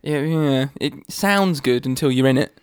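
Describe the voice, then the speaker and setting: A man's voice: medium pitch, normal speed, clean tone, dry recording, studio quality. A man co-hosting a podcast, teasing and laughing in casual chat. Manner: easygoing, teasing, laughs a lot. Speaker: podcast co-host.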